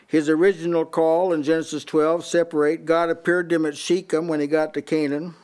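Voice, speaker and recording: An older man gives a brisk, flat Bible-study sermon to a small house-church group in a slightly high, darkish voice. He stumbles over repeated words while reading scripture and compares one version after another.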